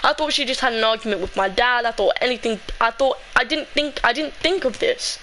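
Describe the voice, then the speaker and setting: A woman's voice: fairly high pitch, brisk, bright, forceful tone, slight background noise, low-quality recording. A young woman telling a personal story in a casual, emotional, rambling way, full of "like".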